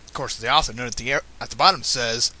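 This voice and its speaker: A man's voice: mid-range voice, brisk, bright, forceful tone. A man reading fan fiction aloud, breaking off with casual, self-correcting asides. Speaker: reader.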